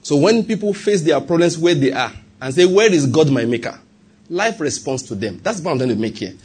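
A man with a Nigerian accent preaching a sermon as pastor, animated and humorous, asking the congregation rhetorical questions. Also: a little high, a little fast, slightly rough.

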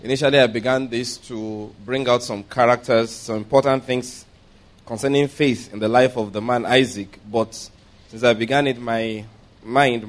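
Emphatic preacher man. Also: medium pitch. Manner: emphatic, stretches key words slowly, asks the congregation for agreement. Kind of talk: sermon.

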